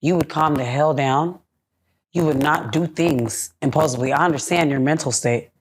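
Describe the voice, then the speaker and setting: A woman's voice: low-pitched, normal speed, husky. A young woman, a podcast guest, talking bluntly and heatedly in a candid interview, with plenty of swearing. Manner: blunt, profane, heated ranting.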